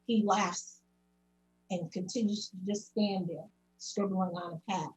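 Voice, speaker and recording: Adult woman, public commenter, earnest first-person testimony, middle pitch. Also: fairly even intonation, measured pace, rough recording. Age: adult parent. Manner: earnest, recounting events in detail with many quotes.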